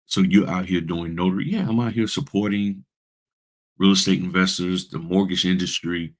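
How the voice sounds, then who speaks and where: Deep-voiced man giving a motivational vlog. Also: moderate pace. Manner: animated, motivational, acts out reactions. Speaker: notary, channel host. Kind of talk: casual vlog talk to viewers.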